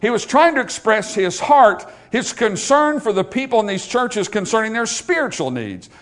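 A man's voice: high voice, sing-song, moderate pace, fairly bright tone. A man preaching a sermon, earnest and emphatic, building his points through repeated phrases. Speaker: pastor.

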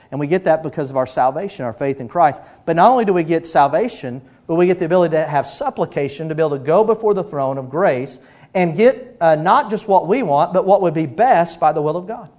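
Middle-aged male pastor, fairly high voice; lively sermon storyteller who drops to near-whispers for emphasis.

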